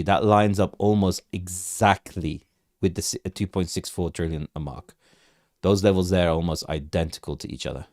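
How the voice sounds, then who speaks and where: A low-pitched man with a darkish tone hosts a crypto chart livestream, giving loose, casual commentary on the market. He rambles, says things twice and asks viewers what they want to know, all in clean studio sound with no room ambience.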